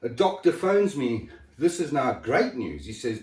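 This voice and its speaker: A man's voice: mid-range voice, very animated, unhurried, hardly any pauses, darkish tone, distant mic. Emotional man, echoey and off-mic. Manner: raw, emotional and swearing, with sudden drops in level. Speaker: person sharing his health story. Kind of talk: emotional personal chat. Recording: echoey room, voice set back from the mic.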